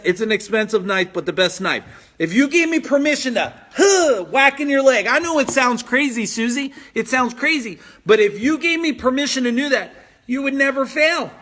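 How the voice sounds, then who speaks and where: A man hosting a motivational business live stream at home, reading out viewer comments and pushing them hard with repeated phrases. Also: high voice. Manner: energetic, pushy, repeats phrases for emphasis.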